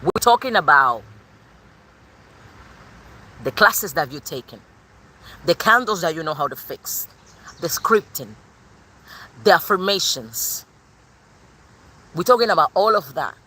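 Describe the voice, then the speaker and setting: A woman's voice: lowish voice, expressive, a little slow, pauses often, pushed and bright, a little hiss or hum. A woman with a Cuban accent giving a channeled tarot reading in an emphatic, sassy way that repeats her points. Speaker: tarot reader.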